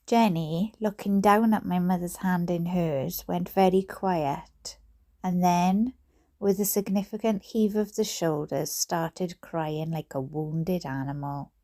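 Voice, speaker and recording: A Welsh woman reads a bedtime book at an unhurried, slow pace. She keeps stopping for giggly, chatty asides to her listeners. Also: lowish voice, dark tone. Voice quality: giggly, chatty, breaks off to comment. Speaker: reader.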